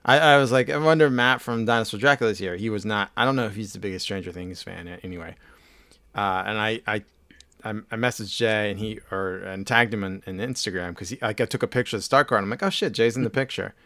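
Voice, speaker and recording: A man tells a long, meandering story on a podcast, full of fillers and restarts. His voice sits low and sounds smooth and resonant. The recording is dry and close. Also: fast talker, a bit bright, no echo. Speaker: podcast co-host. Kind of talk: casual chat.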